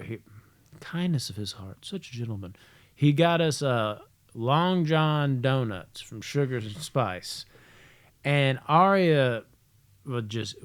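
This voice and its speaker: A man's voice: medium pitch, clear, resonant tone. A young man co-hosting a podcast, telling a funny story in a casual chat, swearing freely and laughing as he talks. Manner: animated storyteller, swears freely, laughs through his lines. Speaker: podcast co-host.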